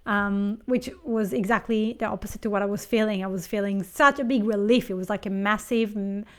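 A woman interviewer asking reflective questions and responding in a thoughtful, measured way. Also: mid-range voice, steady tone, fairly bright tone.

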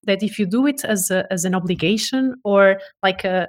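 A woman's voice: medium pitch, normal speed. A woman guest speaking as a voice expert in a casual interview, enthusiastic and given to restarts and repeated words.

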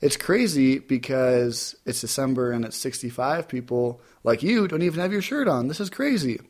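A man's voice: medium pitch, expressive, moderate pace, darkish tone. A man doing an eager news crew member. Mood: excited.

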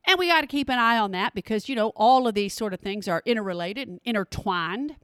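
A woman hosting a podcast, telling stories in an animated, casual way and talking straight to her listeners. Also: mid-range voice, quick pace, no room sound, studio quality. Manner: animated, talks to listeners directly, exclamations. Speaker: podcast host. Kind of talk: casual storytelling monologue.

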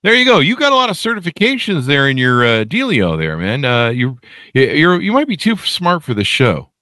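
A man's voice: fairly high pitch, huge pitch swings, moderate pace, bright, forceful tone, no echo. A man hosting a podcast, rambling with joking asides and many fillers on a close mic. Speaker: podcast host.

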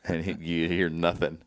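A man's voice: low-pitched, flat delivery, measured pace, dry recording, studio quality. A man hosting a casual interview, telling a rambling story with lots of restarts. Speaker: podcast host.

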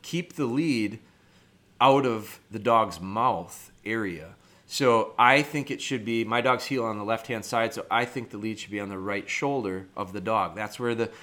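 A man's voice: fairly low pitch, pushed and bright. A man hosting a podcast, explaining dog training step by step in a plain-spoken, practical way. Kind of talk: instructional podcast talk.

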